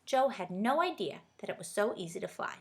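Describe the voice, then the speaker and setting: A woman reading a children's storybook aloud in a steady, gentle storytelling way. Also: mid-range voice, fairly quick. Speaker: reader.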